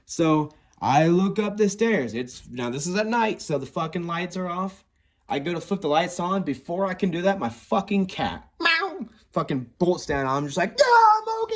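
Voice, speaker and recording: A man's voice: on the high side, expressive, moderate pace. A young man telling a ghost story in a casual, profane, rambling way, often acting out what people said.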